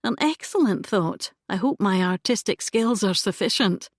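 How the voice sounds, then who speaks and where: A woman voicing a poised, witty young gentlewoman in a composed, genteel manner. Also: medium pitch, lively intonation, normal speed, no echo, clean studio sound. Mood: pleasant.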